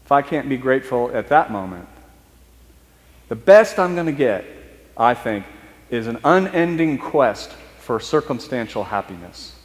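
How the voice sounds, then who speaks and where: A man preaching a storytelling sermon, talking in a conversational, halting way and slowing down for emphasis. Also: mid-range voice, very animated, in a large hall. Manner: conversational, halting restarts, speeds up and slows for emphasis. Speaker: priest. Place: church.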